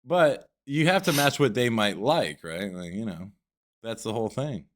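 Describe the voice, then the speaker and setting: A podcast co-host with a Southern American accent chats casually, loose and profane, rambling along with plenty of fillers. His voice is medium-pitched and expressive, at a normal speed.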